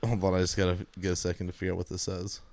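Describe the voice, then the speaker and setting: A man's voice: low-pitched, completely flat delivery, racing, a little mellow, dry recording, clean studio sound. A male host in casual comedic chat, teasing and laughing often while reading aloud.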